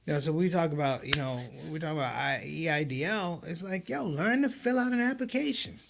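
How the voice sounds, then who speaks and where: A man who is a comedian, a guest on a live online show, telling stories in an animated way and quoting others in a raised voice. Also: on the high side, brisk, vocal fry, noisy background. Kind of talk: livestream conversation.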